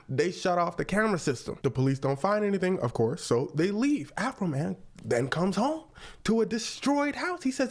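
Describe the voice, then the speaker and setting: A man narrating a true story as comedic commentary, in a lively, mocking way. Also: high-pitched, brisk.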